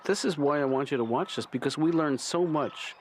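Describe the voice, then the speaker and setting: An actor playing a mild-mannered middle-aged male therapist in an animated series, speaking softly with a dry, hesitant delivery. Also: on the high side, fairly quick, a little hiss or hum, lightly acted. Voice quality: soft-spoken, hesitant, deadpan.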